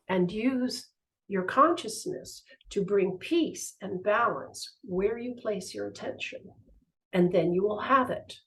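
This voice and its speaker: Brief: woman spiritual teacher, lively storyteller, moderate pitch, acts out quotes. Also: poor audio. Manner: animated storytelling, acts out the voices in her stories. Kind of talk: teaching talk with personal stories.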